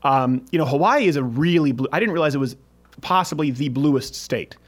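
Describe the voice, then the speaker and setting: A man's voice: on the high side, lively intonation, brisk. A man hosting a casual political talk show, talking in a sarcastic, rambling way with frequent restarts. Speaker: podcast host.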